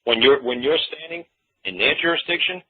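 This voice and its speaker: A man's voice: mid-range voice, animated, brisk, husky. A man giving a casual, folksy talk on common law. He repeats himself and acts out quoted exchanges. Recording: tinny phone-line audio.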